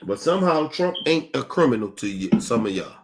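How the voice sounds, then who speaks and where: A man's voice: mid-range voice, big pitch swings, a little fast, a little hiss or hum. A man hosting an online talk show, giving blunt, profane commentary and often asking "right?". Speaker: show host. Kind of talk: casual commentary.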